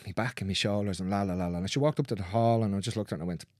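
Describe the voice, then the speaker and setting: A male manual therapist talks in a lowish voice, chatting casually and bluntly about his clients. He swears freely and slips into the voices of the people in his stories. The sound is dry and close, with no room echo. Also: racing, darkish tone. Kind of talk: casual storytelling in conversation.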